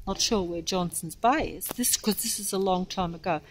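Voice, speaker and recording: Out on a walk, an older woman who vlogs about local history reads from a plaque, drifting off track and frequently catching her breath. She speaks at medium pitch and a moderate pace with few pauses. A little hiss or hum runs through the rough recording.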